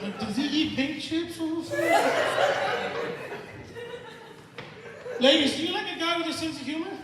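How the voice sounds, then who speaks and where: A stand-up comedian from El Paso, Texas, working the crowd with brash, profane teasing on a theater stage. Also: male voice, very high-pitched, animated, a little slow, very noisy. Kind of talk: stand-up set with crowd work. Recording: echoey theater hall from far off.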